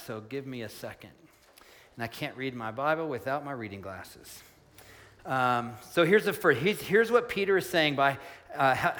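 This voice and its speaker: Earnest preacher man, hall reverb. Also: a little high. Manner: earnest, shifts between soft slow emphasis and quick excited asides. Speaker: pastor. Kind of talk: sermon.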